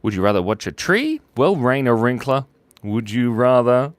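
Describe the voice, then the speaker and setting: A man's voice: mid-range voice, very animated, a little slow, fairly bright tone, clear, resonant tone, no echo. A man hosting a casual live drawing stream, reading viewer chat aloud, telling silly jokes and giggling often. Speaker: livestream host drawing for viewers.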